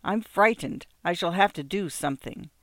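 A man's voice: high voice, expressive, moderate pace, a bit bright, dry recording. A man reading an audiobook, voicing an anxious, fragile young wife with a raised, pleading voice.

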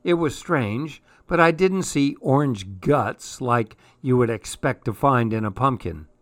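Slow, steady male story reader. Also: mid-range voice, no echo. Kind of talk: storybook reading.

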